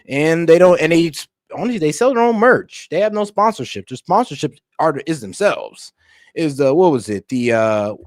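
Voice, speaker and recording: A man giving loose, slangy casual commentary as a reaction streamer, thinking out loud. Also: a little high, no echo, studio quality.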